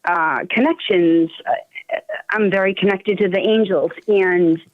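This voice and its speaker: A woman's voice: on the low side, unhurried, dry recording. A woman with a Boston accent calling into a show, talking in a giggly, effusive way. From Massachusetts. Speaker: caller. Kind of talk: phone call-in chat. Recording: dull phone line.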